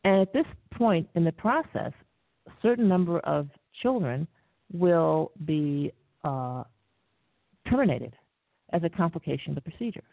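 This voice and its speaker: Gravelly woman host on a tinny phone line. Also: low voice, animated, dry recording. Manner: measured lecturing with frequent pauses and fillers. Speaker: radio show host. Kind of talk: talk radio monologue.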